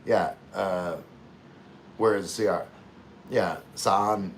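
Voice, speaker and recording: A man with a fairly low voice chats casually on a livestream, reading out comments and rambling as he loses his place. His talk wanders with restarts and blank moments, and a faint hiss sits behind him. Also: slow pace, pauses often. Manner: rambling, chatty, loses his train of thought.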